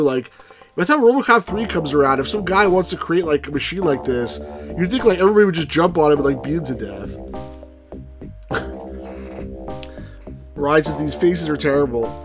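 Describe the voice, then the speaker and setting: Chatty man rambling over game footage. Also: fairly high pitch. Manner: rambling, filler-heavy, frequent chuckles. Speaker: let's play host. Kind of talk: casual gameplay commentary.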